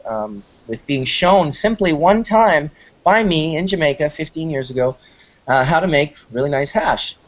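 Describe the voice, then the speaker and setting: A man hosting a casual talk show, telling stories in a rambling, enthusiastic way with frequent restarts. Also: medium pitch. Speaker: host. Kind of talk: casual storytelling chat. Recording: slightly muffled lo-fi recording.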